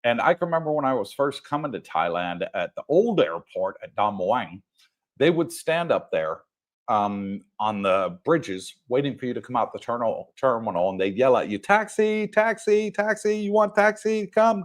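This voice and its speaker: With a lowish voice, lively intonation, and a moderate pace, an older man co-hosts a home livestream. He chats casually, laughing often and rambling with fillers.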